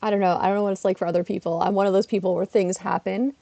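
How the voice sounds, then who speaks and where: A woman chatting casually on a livestream while playing a game, self-deprecating and bursting into excited exclamations. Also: mid-range voice, very fast, creaky. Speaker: streamer. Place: her apartment.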